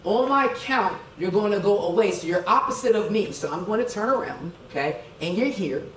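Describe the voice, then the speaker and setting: A middle-aged man giving a motivational keynote in an event hall, energetic, calling for crowd responses and counting out dance moves. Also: high-pitched, a little fast. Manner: energetic, leads crowd through dance counts, keeps asking "okay?". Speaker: keynote speaker. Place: event hall with tables and chairs. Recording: echoey hall, voice from a distance.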